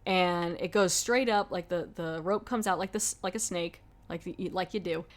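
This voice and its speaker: A woman's voice: lowish voice, normal speed. A woman hosting a podcast, retelling a horror film plot in a casual, rambling way full of 'like'. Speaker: podcast host. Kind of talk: casual film review chat.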